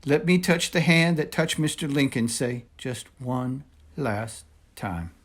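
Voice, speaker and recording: A man voicing a gentle, loyal young boy soldier in a storybook reading, earnest and pleading. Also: medium pitch, expressive, slow pace, husky, voice pushed up.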